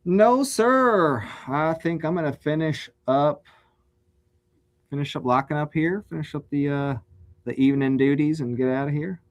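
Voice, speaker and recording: A man co-hosting a casual live stream from the shop, playful and quick to laugh and tease. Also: a little high. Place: at the shop, closing up.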